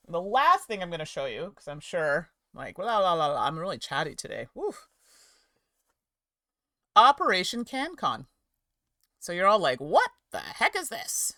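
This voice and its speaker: A woman's voice: fairly low pitch, bright, forceful tone, no room sound, studio quality. A middle-aged woman chatting casually with her livestream audience from home, rambling and often giggling. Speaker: streamer and game reviewer. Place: home office.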